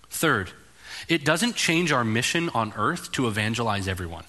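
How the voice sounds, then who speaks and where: A male pastor preaches with an animated, conversational energy. His voice is bright and forceful, and he swings between quick asides and emphatic, rising points. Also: medium pitch. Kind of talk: sermon.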